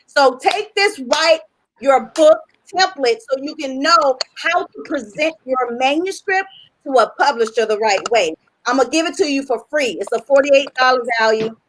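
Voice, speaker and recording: A woman's voice: high-pitched, slight background noise, poor audio. A woman hosting a casual livestream over a video call, chatty and joking, laughing often as she explains a game and its prizes. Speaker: host and publisher.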